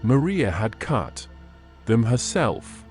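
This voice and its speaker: A man's voice: mid-range voice, big pitch swings, takes it slowly, darkish tone, faint music behind. A man reading classic fiction aloud as an audiobook narrator, telling the story expressively.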